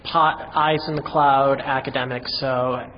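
A man's voice: mid-range voice, steady tone, a little slow, a little hiss or hum. A male researcher speaking on a conference panel, wry and self-deprecating. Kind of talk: casual panel discussion. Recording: dull recording in a reverberant hall.

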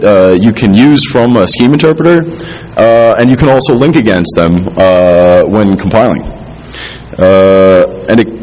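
A man with a slightly low voice gives a technical talk to a room, stumbling through restarts and frequent filler sounds. He is a little tipsy and slips in dry, self-deprecating asides between points. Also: darkish tone, poor audio. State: tipsy, drinking while talking. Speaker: conference speaker. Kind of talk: technical presentation.

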